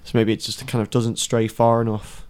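A man's voice: mid-range voice, little pitch movement, moderate pace, darkish tone, smooth. A man co-hosting a music podcast, chatting casually, laughing and swearing as he talks. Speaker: podcast co-host. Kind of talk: casual chat.

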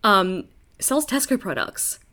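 A woman's voice: mid-range voice, sing-song, slow pace, sharp tone. Chatty woman co-host. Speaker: podcast co-host. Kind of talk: casual chat.

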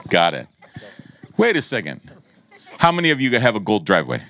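Animated low-voiced American pastor. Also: male voice, fairly quick. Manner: animated, laughing, rising to high exclamations. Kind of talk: sermon storytelling.

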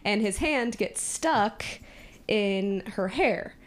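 A woman co-hosting a casual movie podcast, walking through the plot scene by scene. She slips into the characters' lines and breaks into laughter often. Her pitch sits in a middle range. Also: animated, slow. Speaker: podcast co-host. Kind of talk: casual movie recap chat.

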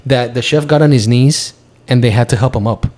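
Animated man arguing about a film. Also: mid-range voice, a little fast. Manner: animated, argues his point with frequent restarts. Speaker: podcast co-host. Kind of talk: casual film discussion.

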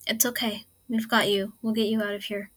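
A calm, protective man in a spoken fan story, murmuring soft reassurances to a hurt friend, as a woman reader voices him. His voice is even and low-key, with barely any pitch movement. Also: a little fast, natural voice. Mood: gentle. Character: steady older male leader, desperate then gentle.

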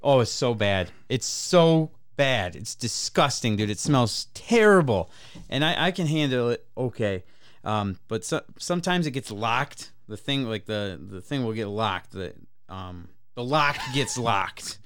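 A man with a smooth, clear voice at a middling pitch tells a long story on a casual podcast. He rambles, swears freely and keeps laughing through his own words. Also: animated, unhurried, a bit bright. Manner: rambling, profane, often laughing mid-story. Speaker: podcast co-host.

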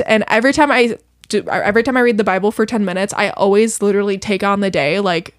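Young woman rambling heartfelt on a podcast, mid pitch, dead dry sound. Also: fast, no room sound. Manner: earnest, emotional, rambling with many "like"s. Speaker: podcast guest. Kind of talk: casual chat.

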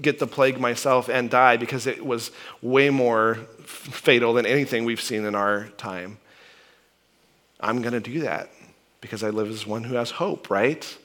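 A male pastor preaching a sermon in a conversational, animated way, often asking "right?" and restarting his phrases. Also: mid-range voice.

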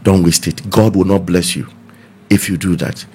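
A man's voice: deep voice, steady tone, moderate pace, mellow, slight background noise. A man preaching as pastor, emphatic and repeating his key phrases. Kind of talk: preaching and appeal for offerings.

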